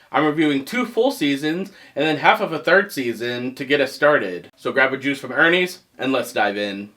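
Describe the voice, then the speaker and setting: A man hosting a comedic movie review show, animated and joking, poking fun at himself. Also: fairly high pitch. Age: adult past teens. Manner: animated, joking, self-mocking.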